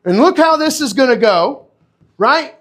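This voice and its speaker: A man with a high-pitched voice teaches dog training live online. He talks in an animated, chatty way, keeps checking in with "okay?" and "right?", and answers viewers by name. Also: a little slow. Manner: replies to viewers' comments by name.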